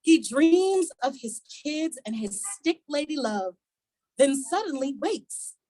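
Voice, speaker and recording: A woman reading a children's picture book aloud at a community event, animated and coaxing the young audience to join in. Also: sits high, slow pace, dry recording, low-quality recording.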